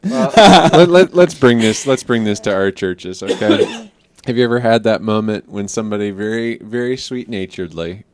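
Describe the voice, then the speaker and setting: A man's voice: fairly low pitch, expressive, normal speed, darkish tone. A man co-hosting a podcast in casual chat, with amused, chuckling asides. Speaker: podcast co-host.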